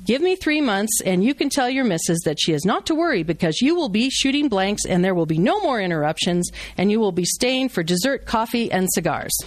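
A woman's voice: medium pitch, very animated, a little fast, hardly any pauses, dry recording, natural voice. A woman reading aloud as a brash, joking male surgeon who is teaching a procedure. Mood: teasing. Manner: blunt, wisecracking, instructive. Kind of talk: reading a novel aloud to a live audience.

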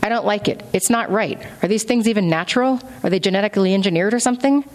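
Lady doing a jumpy nervous guy, whiny and uneasy, low voice. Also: expressive, fast talker, slightly rough. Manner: jittery, complaining. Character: nervous uneasy man, a lowly worker.

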